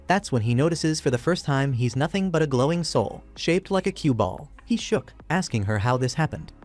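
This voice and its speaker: A man narrating an anime recap in a casual, steady, scripted retelling. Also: mid-range voice, normal speed. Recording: faint music underneath.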